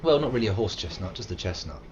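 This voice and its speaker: A man's voice: fairly low pitch, big pitch swings, quick pace, dull audio, a little hiss or hum. A British man hosting a live let's play, chatting playfully and swearing often as he mocks himself. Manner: playful, sweary, self-mocking, bursts into silly voices. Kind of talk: live gameplay commentary.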